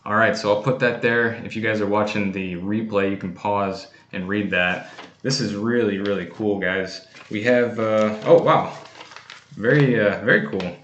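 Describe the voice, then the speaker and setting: A man's voice: fairly low pitch, moderate pace, fairly bright tone, reverberant, lo-fi sound, a little hiss or hum. A man hosting a casual livestream, chatting easily while he opens fan mail, with many fillers and restarts. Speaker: coin collecting channel host.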